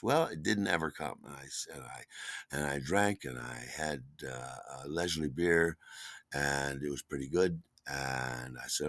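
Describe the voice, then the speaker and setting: An older man hosting a podcast, telling a personal story in an animated way, acting out voices and sound effects. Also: very deep voice, normal speed, no room sound. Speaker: podcast host.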